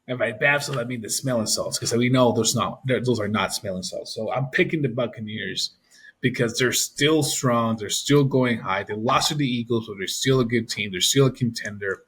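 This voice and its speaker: Husky, sharp-voiced man ranting about football. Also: medium pitch. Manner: profane, ranting. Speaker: podcast co-host. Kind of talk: casual sports chat.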